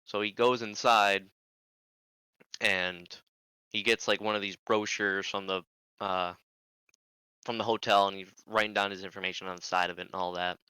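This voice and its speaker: Young man telling a story, crisp voice. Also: fairly low pitch, moderate pace, pauses often, no echo, poor audio. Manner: animated, swears freely. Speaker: podcast guest. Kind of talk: casual storytelling.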